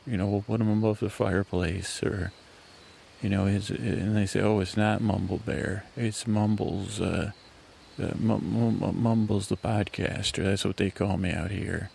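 Whispering man with a gravelly low voice. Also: fairly even intonation, measured pace, darkish tone, slight background noise. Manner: whispering, meandering and self-interrupting. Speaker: sleep podcast host. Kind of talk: whispered rambling sleep podcast. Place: outdoors on a night walk. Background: crickets chirping.

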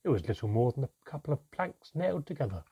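A man narrating a fantasy story in the first person, measured and suspenseful, sometimes dropping to a whisper. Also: mid-range voice, very animated, breathy edge, no room sound. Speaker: audiobook narrator. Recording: dry, slightly dull audio.

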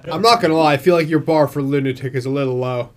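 A man's voice: fairly high pitch, quick pace. A man co-hosting a casual podcast, asking dry, skeptical questions. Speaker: podcast co-host. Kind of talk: casual chat.

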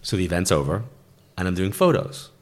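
Deep-voiced New man telling stories. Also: brisk. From New York. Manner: animated, acts out the people in his stories. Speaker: guest, stage medium. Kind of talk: conversational storytelling.

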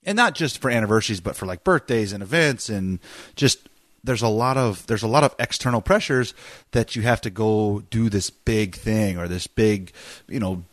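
A man's voice: lowish voice, moderate pace, no room sound. A man co-hosting a podcast in casual chat, earnest and opinionated, pressing his point through restarts. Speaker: podcast co-host.

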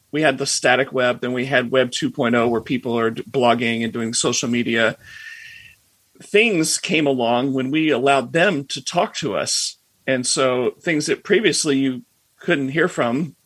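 A man's voice: medium pitch, fairly bright tone, no echo. A man speaking as a guest expert on a podcast, explaining in a playful, joking way. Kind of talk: casual podcast chat.

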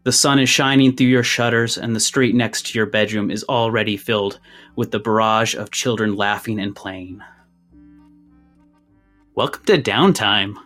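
A man's voice: on the low side, steady tone, normal speed, a bit bright, faint music behind. A man acting as game master, narrating a tabletop game in tense second person, then explaining rules casually.

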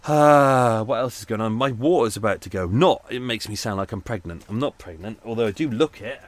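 A man's voice: mid-range voice, expressive, fairly quick, no echo. A man hosting his podcast in a casual, rambling, self-deprecating chat with many restarts. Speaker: podcast host. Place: at home on a boat.

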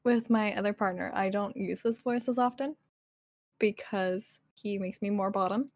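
A woman guest on a casual streamed podcast, speaking in a soft, sultry, teasing voice. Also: mid-range voice, moderate pace, dry recording, clean studio sound. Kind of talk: casual livestream chat.

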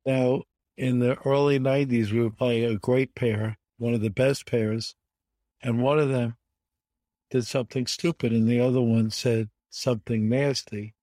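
A man's voice: mid-range voice, steady tone, measured pace, dark tone, dry recording. An older man, a guest in an interview, telling anecdotes in an emphatic way and repeating words for stress. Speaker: bridge player guest.

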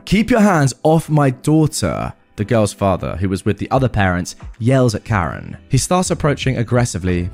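A man hosting a storytime podcast, reading a story aloud in an expressive, animated way. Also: on the low side.

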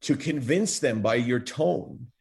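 A man's voice: mid-range voice, lively intonation, slow, vocal fry, darkish tone. A man with a Canadian accent, a guest in a podcast interview, speaking emphatically and repeating himself to build his points. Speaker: mental health advocate guest.

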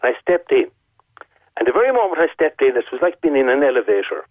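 Very animated and quick, this Irish-accented man's mid-range voice comes through a tinny phone line with no echo. As a caller to a radio show, he spins a long, vividly detailed tale, repeating points for emphasis.

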